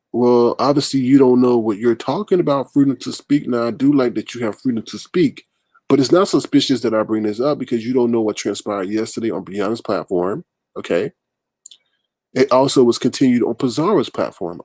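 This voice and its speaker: A man hosting a livestream, commenting casually and answering chat comments with emphatic, animated talk. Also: medium pitch, no room sound. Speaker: livestream host.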